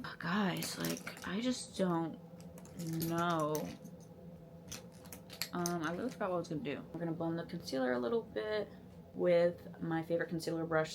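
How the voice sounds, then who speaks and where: Low-voiced woman in her twenties chatting. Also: slight background noise. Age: 20s. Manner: rambling, self-deprecating, animated. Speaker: beauty content creator. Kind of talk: casual get-ready-with-me chat. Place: home, doing makeup.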